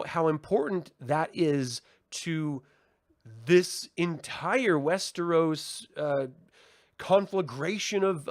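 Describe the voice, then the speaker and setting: A man casually recapping and reviewing a TV episode with animated retelling and frequent ums and uhs. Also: on the high side, no echo, clean studio sound. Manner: animated retelling, hesitant fillers.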